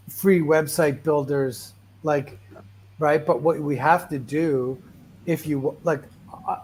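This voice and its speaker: Male host giving casual motivational talk; restless, chatty, lots of "right?", voice sits a bit high. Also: slight background noise. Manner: rambling, repeats "right?" and "like"; restless, animated storyteller with frequent restarts.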